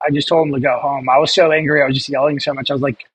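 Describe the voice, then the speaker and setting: A man's voice: medium pitch, little pitch movement, very fast, husky, low-quality recording. A man, a chef, chatting casually as an interview guest, rambling and swearing, laughing often. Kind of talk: casual chat.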